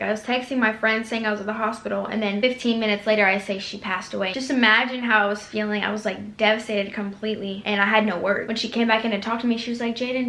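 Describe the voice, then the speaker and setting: A young woman vlogger tearfully and earnestly retelling a painful story in a quick, rambling way. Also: fairly high pitch, fairly bright tone. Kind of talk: emotional storytelling vlog. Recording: echoey room.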